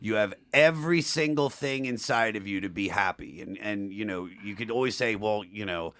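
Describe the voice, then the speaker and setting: A man's voice: on the low side, moderate pace, fairly bright tone, smooth. A young man co-hosting a podcast, talking in an earnest, motivational way with emphatic repetition. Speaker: podcast co-host. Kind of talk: casual podcast chat.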